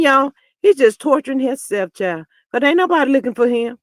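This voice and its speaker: A woman hosting a live stream, reading viewer comments and talking back in a sassy, animated way, swinging from low mutters to loud outbursts. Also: a little fast, hardly any pauses, no room sound, clean studio sound. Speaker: reality TV commentary host.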